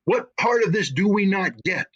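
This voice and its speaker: A man's voice: high-pitched, expressive, moderate pace, fairly bright tone, slightly rough, lo-fi sound. A man speaking as an interview guest, emotional and indignant, repeating phrases for emphasis. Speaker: guest commentator. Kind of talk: impassioned interview talk.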